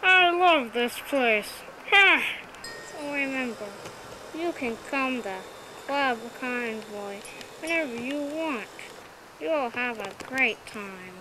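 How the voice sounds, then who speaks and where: A woman narrating a homemade toy film as a playful mock announcer, rambling and halting in a goofy way. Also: high voice, lively intonation. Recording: noisy homemade camera audio.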